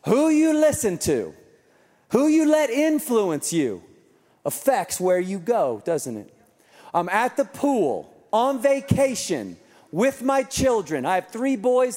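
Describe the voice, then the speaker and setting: Animated pastor in a reverberant hall. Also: male voice, high voice. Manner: humorous storytelling. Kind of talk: sermon. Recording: long reverb in a large hall.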